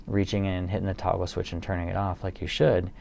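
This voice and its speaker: A man with a low, gravelly and mellow voice tells a rambling, swear-filled story in a loose, casual way, chuckling at his own tale. A faint hiss of room noise sits under him. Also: little pitch movement, fast talker. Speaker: solo streamer or vlogger reading poems. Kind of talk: casual storytelling to an absent audience.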